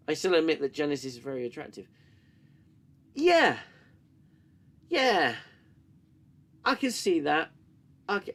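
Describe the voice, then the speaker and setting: A man's voice: a little high, a bit bright. Coughing sarcastic man reviewing. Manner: sarcastic, swears, reads chat and mocks scenes. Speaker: host reviewing a TV show. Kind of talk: casual live-stream commentary.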